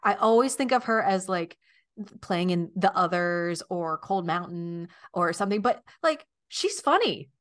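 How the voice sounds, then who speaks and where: A woman co-hosting a casual podcast, chatting loosely with lots of fillers and quick asides. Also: on the low side, animated, fairly bright tone. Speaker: podcast co-host. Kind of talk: casual chat.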